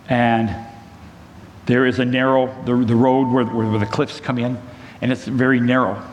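A man preaches by retelling a Bible story in a loose, conversational way, breaking off for side notes to his listeners. His voice sits at an ordinary middle pitch. A long hall reverb and faint room noise surround every phrase. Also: darkish tone.

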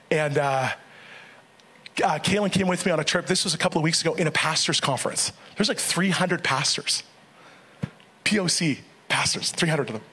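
A middle-aged pastor preaches energetically in a husky, fairly high voice at a normal speed. He tells a story, voicing other people in raised tones as he goes, and laughs often.

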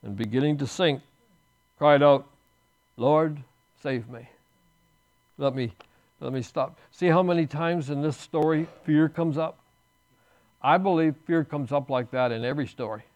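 A man's voice: on the high side, moderate pace, darkish tone, lo-fi sound. A man pastor preaching a sermon in church, earnest, with restarts and emphatic bursts.

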